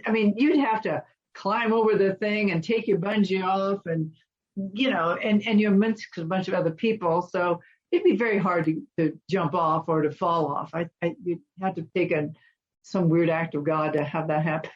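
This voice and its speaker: A woman guest in an interview, telling animated stories and acting out the voices of people in them. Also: lowish voice, highs cut off. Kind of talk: storytelling in an interview.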